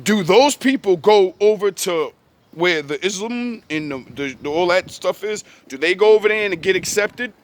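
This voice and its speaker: Fired-up high-voiced man ranting. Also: animated, normal speed. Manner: angry, swearing, rising to shouts. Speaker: vlogger. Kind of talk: heated profane rant.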